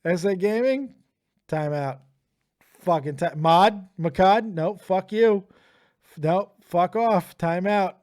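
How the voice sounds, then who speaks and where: Young man, streamer host, tired, profane, ranting, fairly high voice. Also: slow pace, darkish tone. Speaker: streamer host taking live callers. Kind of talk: profane live-stream rant.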